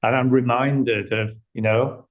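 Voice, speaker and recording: Man telling a lively story. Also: mid-range voice, a little slow. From northern England. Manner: animated, acts out quoted dialogue. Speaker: interview guest, agency owner. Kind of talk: conversational storytelling. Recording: slightly muffled audio.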